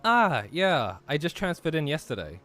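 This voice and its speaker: A man reading a young male transfer student, casual, slightly awkward, higher voice, lively pitch, faint music. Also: moderate pace. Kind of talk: reading a visual novel role aloud.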